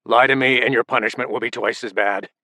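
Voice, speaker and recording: A man voicing a ruthless patriarch of a crime family who delivers slow, shouted threats. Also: mid-range voice, steady tone, dry recording, clean studio sound, close to an everyday voice. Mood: furious menace.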